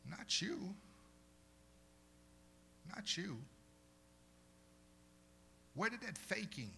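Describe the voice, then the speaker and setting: A male pastor preaching a sermon, moving between loud preaching and soft conversational storytelling and repeating phrases for emphasis. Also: medium pitch, vocal fry, slight background noise. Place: church.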